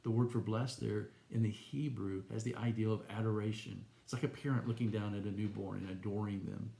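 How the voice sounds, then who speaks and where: A man giving an earnest, gentle personal faith testimony to viewers. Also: lowish voice, steady tone, fairly quick, gravelly, reverberant. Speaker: Christian teacher.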